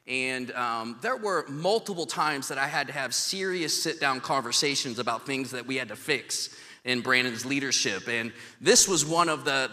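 A man pastor preaching a sermon in a church, casual and joking, telling stories with plenty of fillers. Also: medium pitch. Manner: casual, joking, animated storytelling. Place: church sanctuary. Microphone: handheld mic. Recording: echoey hall, long reverb.

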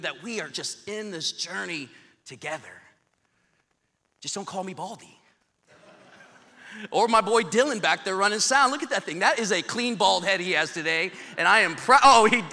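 A man pastor preaching a sermon in a church, casual and joking, telling stories with plenty of fillers. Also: high-pitched. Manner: casual, joking, animated storytelling. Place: church sanctuary. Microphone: handheld mic. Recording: echoey hall, long reverb.

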